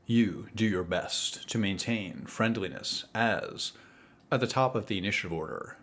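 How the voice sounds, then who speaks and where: Brief: male game master, low voice, slow deliberate narration. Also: fairly bright tone. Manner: unhurried, descriptive narration.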